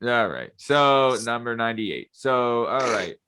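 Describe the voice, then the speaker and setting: Male podcast host, casual and profane; bright, animated delivery. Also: medium pitch, unhurried, smooth. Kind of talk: casual chat.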